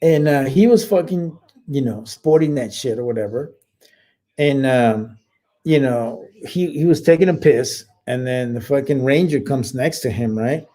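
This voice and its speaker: A middle-aged man hosts a laid-back livestream, reading viewer chat, calling everyone "bro," and telling rambling army stories full of swearing and restarts. His mid-range voice is mellow, and he speaks at a measured pace.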